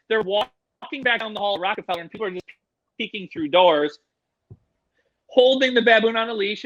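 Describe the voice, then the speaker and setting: A man, a podcast guest who works with animals, telling a story in an animated way and swearing freely. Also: sits high, no echo, dull audio.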